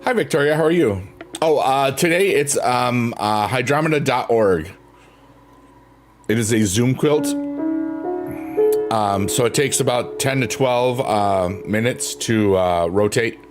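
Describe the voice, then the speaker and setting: A man's voice: medium pitch, measured pace. A man casually chatting with his stream viewers, rambling and laid-back, laughing at himself. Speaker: livestreamer. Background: soft piano music.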